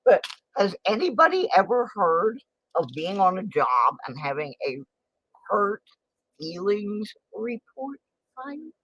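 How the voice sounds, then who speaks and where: A woman's voice: mid-range voice, very animated, a little slow, slightly rough, no room sound. A woman in her late sixties chatting on a casual livestream, telling a story in an indignant, exclaiming way. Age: 60s. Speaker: livestream host. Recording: dull lo-fi stream audio.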